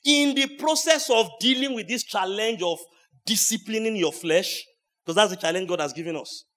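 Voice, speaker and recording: A man preaching at a church service, swinging between hushed asides and loud shouts. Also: high-pitched, moderate pace. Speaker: pastor. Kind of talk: sermon.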